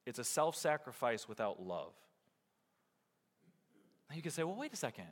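A man preaching a sermon as pastor, swinging from loud emphasis down to quiet, close remarks. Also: medium pitch, normal speed, big-room sound. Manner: expressive preaching, rising and dropping to near quiet.

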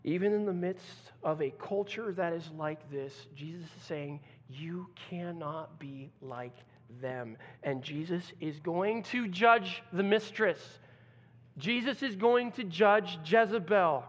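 In a church sanctuary with long hall reverb, a male pastor gives a dramatic sermon, acting out quoted voices and swinging between loud and hushed. His voice sits high, and his pace is measured.

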